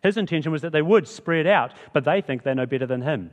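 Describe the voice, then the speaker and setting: A man's voice: fairly high pitch, animated, fast talker, in a large hall. A man preaching a sermon in a chatty, conversational way, often asking the listeners rhetorical questions. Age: adult with school-age kids.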